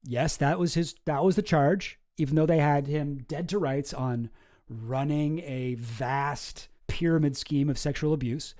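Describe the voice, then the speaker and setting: A man with a fairly high voice rambles through news articles in casual commentary. He is sarcastic and loose, and swears offhandedly. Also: unhurried, darkish tone. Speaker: commentary vlogger.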